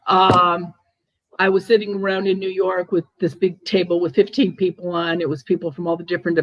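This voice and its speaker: Older woman, chatty storyteller, mid-pitched voice, dry close sound, casual host. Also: moderate pace, no echo, lo-fi sound. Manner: chatty, animated storyteller with laughs and restarts. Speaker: host, ghost medium.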